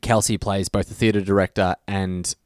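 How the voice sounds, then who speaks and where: A man co-hosting a podcast, chatting casually and animatedly, often laughing and rising in pitch when excited. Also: normal speed, no room sound, clean studio sound. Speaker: podcast co-host. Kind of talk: casual chat.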